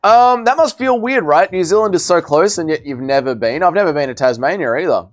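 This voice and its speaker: A young man hosts a casual livestream, his slightly high voice swinging widely up and down as he reads and answers chat messages. He keeps a bantering, offhand tone, with faint music underneath. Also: lively intonation, a little fast. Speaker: livestream host. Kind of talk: casual live chat reading viewer messages.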